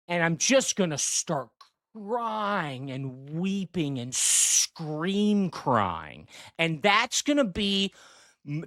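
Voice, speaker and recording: A man hosts a comedy podcast, talking slowly with a lively, swooping pitch. He keeps breaking off to riff on his own script, and the sound is close and dry, with no room around it. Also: dry recording. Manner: digressive, self-interrupting, riffing off a script. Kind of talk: rambling comedic monologue. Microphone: desk mic.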